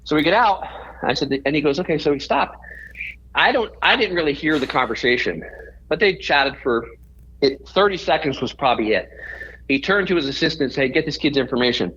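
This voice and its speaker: A man's voice: fairly high pitch, lively intonation, brisk, fairly bright tone, highs cut off, slight background noise. A man, a podcast guest, telling a story in a rambling way and often correcting himself mid-sentence.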